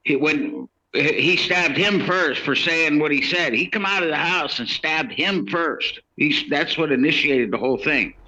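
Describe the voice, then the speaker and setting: A man's voice: fairly high pitch, lively intonation, unhurried, pushed and bright, dull audio. A man telling his own story in casual, rambling speech, acting out what others said. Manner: rambling, many restarts and quoted dialogue. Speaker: interviewee telling his case.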